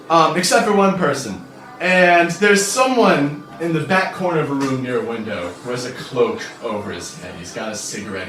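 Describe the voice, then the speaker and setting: A man serves as game master in a tabletop game, narrating casually and relaxedly with frequent fillers. His voice is medium in pitch. He's recorded from a distance in a roomy space, with faint music behind him.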